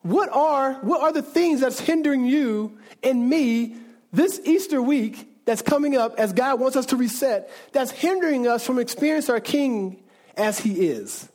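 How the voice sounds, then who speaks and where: A man's voice: very high voice, unhurried, a little mellow. A man preaching a sermon as a pastor, talking conversationally with frequent restarts and asides to the congregation.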